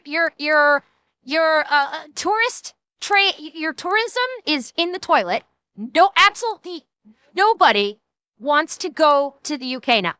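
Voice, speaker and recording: Bright, high-voiced excitable woman streamer. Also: dry recording. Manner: profane, excitable, rambling with restarts. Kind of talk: casual livestream reaction commentary.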